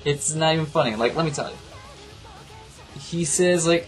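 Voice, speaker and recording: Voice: mid-range voice, moderate pace, pauses often, faint music behind. An anime reviewer ranting casually in a rambling, profane, exasperated way.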